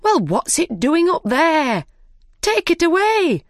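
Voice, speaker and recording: Woman doing a bossy storybook rabbit, high-pitched, shouting orders, dry close sound. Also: big pitch swings, slow, no echo. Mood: shouting, impatient. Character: fussy bossy male White Rabbit.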